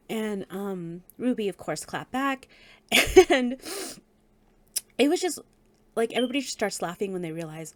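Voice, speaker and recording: A woman chats through a book review in a casual, animated way. She laughs often and drops the odd swear word. Her voice sits at a middling pitch. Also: normal speed.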